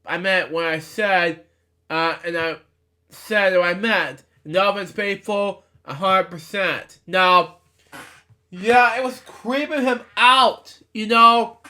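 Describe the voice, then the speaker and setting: A man's voice: high-pitched, slow, pushed and bright. A young man reading a children's storybook aloud, stumbling over words and breaking off into rambling asides. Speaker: storybook reader. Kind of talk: casual read-aloud with asides.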